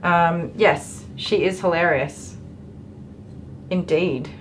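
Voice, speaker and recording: A woman's voice: lowish voice, steady tone, slow pace, a little hiss or hum, poor audio. A middle-aged woman, a dog groomer, chatting on a live stream while she works, with lots of ums and laughs. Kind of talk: casual chat while working. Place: grooming salon, indoors.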